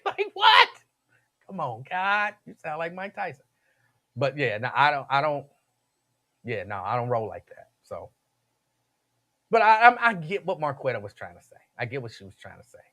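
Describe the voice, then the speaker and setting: A man's voice: fairly high pitch, fairly bright tone. A man hosting a radio talk show, chatting casually with listeners, laughing often and repeating himself.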